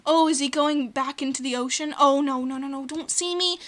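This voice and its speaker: A woman's voice: sits high, steady tone, moderate pace, few pauses, bright, forceful tone. A woman hosting a video game let's play, chatting playfully and talking to the creatures on screen. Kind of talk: gaming commentary.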